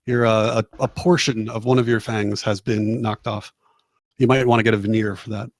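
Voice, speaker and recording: A man's voice: fairly low pitch, steady tone, moderate pace. A man narrating a tabletop game as game master, casual and laughing, with many fillers and restarts.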